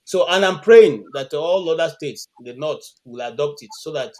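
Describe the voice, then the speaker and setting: A man's voice: fairly high pitch, animated, moderate pace. A Nigerian man on an online panel call, making a point earnestly with many restarts and fillers. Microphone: video call.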